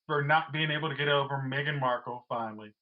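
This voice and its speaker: A man co-hosting a casual podcast chat, telling stories in an animated way and mimicking the people he talks about. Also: medium pitch, quick pace. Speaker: podcast co-host. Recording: dull lo-fi sound.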